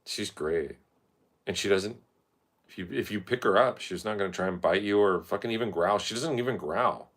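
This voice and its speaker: Deep-voiced man rambling and swearing. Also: moderate pace, fairly bright tone. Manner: loose, swearing, meandering, filler-heavy. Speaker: vlogger. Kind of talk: rambling casual monologue.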